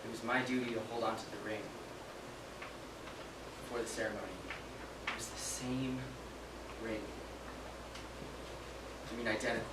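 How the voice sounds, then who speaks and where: An actor playing a young private haunted by sparing an enemy prisoner, in a dramatic stage monologue, halting and hushed, breaking into frantic shouting. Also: mid-range voice, flat delivery, natural voice. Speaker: soldier recounting a war memory. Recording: echoey room from far off, with background noise.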